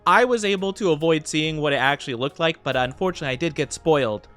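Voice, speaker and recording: A man's voice: a little high, fast, a bit bright, faint music behind. A young man streaming casually, chatting with viewers in a rambling way, with frequent laughs and fillers. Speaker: VTuber streamer. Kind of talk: casual live-stream chat.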